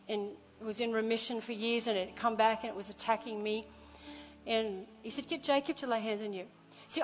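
A middle-aged woman pastor preaching a sermon, telling a story with passion, sometimes hushed and sometimes loud. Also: a little high, in a large hall. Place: large church hall.

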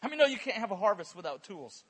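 A man preaching a sermon at a church conference service, telling stories in an animated way and repeating words in quick bursts. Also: sits high, slightly rough. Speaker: guest preacher. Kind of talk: sermon with storytelling.

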